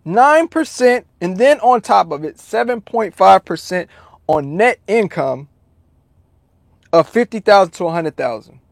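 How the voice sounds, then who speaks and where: A man talks straight to his livestream chat, animated, profane and full of repeats. His voice sits fairly high for a man. The sound is dry and close, with no room echo. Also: gravelly. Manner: profane, animated, repetitive, addresses chat directly. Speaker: livestream host answering chat. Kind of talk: casual livestream talk.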